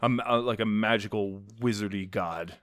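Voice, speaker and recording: A man's voice: fairly low pitch, normal speed, a bit bright, no room sound, clean studio sound. A man co-hosting a podcast, chatting playfully in character with a rambling, restarting delivery. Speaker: podcast co-host. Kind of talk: in-character casual chat.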